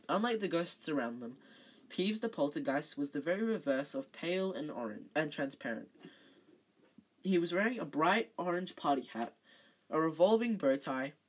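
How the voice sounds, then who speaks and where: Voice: medium pitch, lively intonation, a little slow. An amateur reader reading a novel aloud, often stumbling and correcting themselves with chatty asides.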